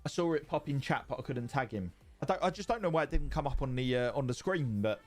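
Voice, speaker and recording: Streamer guy rambling to chat, swears a lot, repeats stuff, mid pitch, faint music in the background. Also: animated, fast. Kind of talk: casual livestream chat reading viewer messages. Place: home streaming setup.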